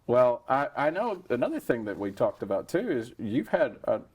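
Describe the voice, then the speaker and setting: A man's voice: medium pitch, big pitch swings, moderate pace, a little mellow, slightly rough. A man hosting an interview, encouraging his guest with short prompts and questions. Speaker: podcast host. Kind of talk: conversational interview.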